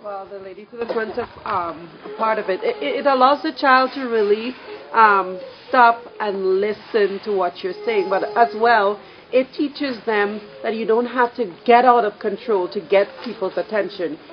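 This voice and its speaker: A woman's voice: medium pitch, moderate pace, dull audio. A woman taking part in a class, answering thoughtfully with a few stammered restarts. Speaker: class participant.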